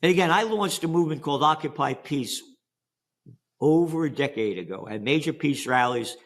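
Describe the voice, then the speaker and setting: A man's voice: on the high side, expressive, fairly quick. An older American man on an interview, emphatic and sarcastic, firing rhetorical questions. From United States. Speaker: interview guest. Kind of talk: animated interview talk.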